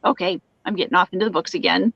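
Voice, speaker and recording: A woman hosting a live crochet show, chatting casually, going off on quick asides and reading viewer comments aloud. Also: on the low side, vocal fry, fairly bright tone, slightly rough, dry recording, highs cut off. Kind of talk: casual chat on a live video call.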